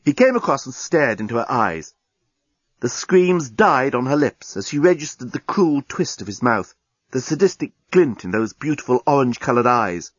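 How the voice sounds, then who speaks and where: A man narrating an audiobook in a lively, theatrical storytelling manner. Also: medium pitch, normal speed, breathy edge, no echo, highs cut off.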